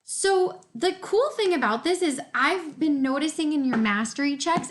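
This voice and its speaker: A woman, a teacher giving a remote reading lesson to young children from home on a laptop mic, enunciating each word slowly and clearly and sounding encouraging. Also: high voice, a little hiss or hum. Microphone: laptop computer mic.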